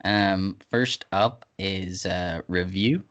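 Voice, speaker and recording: A man's voice: deep voice, very slow, a bit bright, lo-fi sound. A man hosting a music podcast in loose, laughing casual chat, swearing freely. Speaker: podcast host.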